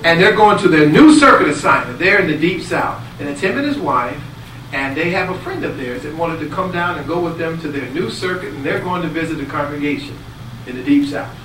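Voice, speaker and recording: A man giving a sermon, telling a story with acted-out quotes and swinging between loud and hushed delivery. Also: on the high side, lively intonation, a little fast, recorded from a distance. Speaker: speaker giving a Bible talk. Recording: echoey hall, speaker away from mic, audible noise.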